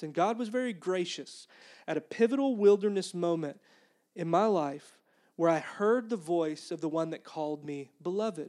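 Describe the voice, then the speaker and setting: A man's voice: fairly high pitch, darkish tone. A man in his late twenties or thirties preaching a conversational, earnest sermon and acting out the inner voices he heard. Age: young adult. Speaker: pastor.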